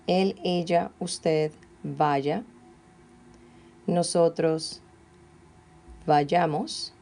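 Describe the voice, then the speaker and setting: A woman teaching Spanish grammar, slowly and carefully dictating verb forms one at a time. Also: deep voice, mellow. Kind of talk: classroom grammar lesson.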